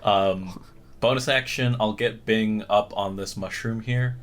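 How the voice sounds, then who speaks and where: A man's voice: on the low side, fairly even intonation, measured pace. A man playing a tabletop game, hesitant and full of fillers as he describes his actions. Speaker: player. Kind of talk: casual tabletop play.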